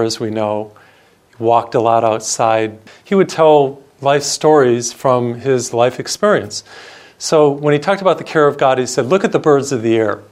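A middle-aged man, a priest, preaching a radio sermon in an earnest storytelling way, repeating phrases for emphasis. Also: mid-range voice.

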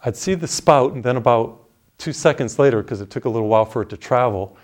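A middle-aged man preaching a relaxed sermon, telling stories and guiding listeners through slow, deep breaths.

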